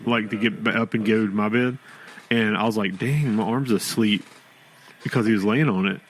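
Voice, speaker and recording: A man co-hosting a podcast, talking in a relaxed, rambling way with lots of fillers. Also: lowish voice, fast, a little hiss or hum, rough recording. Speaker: podcast co-host. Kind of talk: casual chat.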